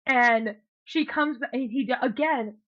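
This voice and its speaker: A woman's voice: a little high, unhurried. A woman co-hosting a podcast, telling a dating story in casual chat and acting out what people said. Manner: animated storyteller, acts out quotes, swears. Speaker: podcast co-host. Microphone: podcast mic, remote call. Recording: muffled lo-fi sound.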